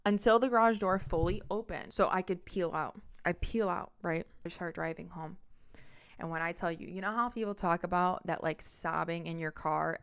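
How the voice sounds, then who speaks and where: A woman's voice: on the low side, fairly bright tone, clear, resonant tone. A young woman telling a personal breakup story on her podcast, emphatic, with lots of swearing and acted-out quotes. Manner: acts out quotes and horn sounds. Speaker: podcast host. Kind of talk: storytime monologue.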